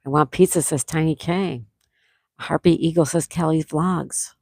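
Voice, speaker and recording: A woman hosting a live-stream trivia game, reading viewers' answers aloud and repeating each question slowly. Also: deep voice, fairly even intonation, darkish tone, no room sound. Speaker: trivia host.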